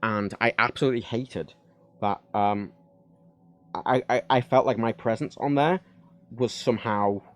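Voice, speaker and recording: Male streamer, mid pitch, frank, rambling chat at a desk mic. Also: unhurried, long pauses, no room sound. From United Kingdom. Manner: rambling, frank, many fillers and restarts. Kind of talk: casual livestream chat. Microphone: desk microphone.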